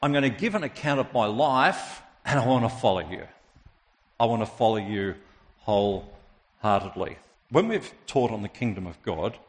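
A male pastor preaching a sermon, asking the congregation direct questions and growing impassioned and loud when he quotes others. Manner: impassioned, rises loud and high when quoting.

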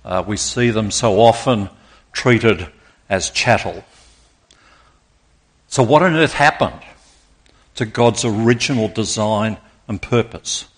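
Low-voiced man preaching a sermon. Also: slow, pauses often. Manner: rousing, draws in congregation. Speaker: pastor. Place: church auditorium.

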